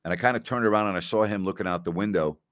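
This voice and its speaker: A man's voice: low voice, racing, dry recording, studio quality. A man hosting a podcast, casually answering listener questions and telling rambling stories, often repeating himself and laughing. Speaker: podcast host.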